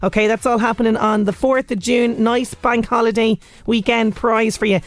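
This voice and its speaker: A woman's voice: fairly high pitch, steady tone, normal speed, no room sound. Chatty Irish woman radio presenter. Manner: chatty, laughs often. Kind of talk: casual radio chat.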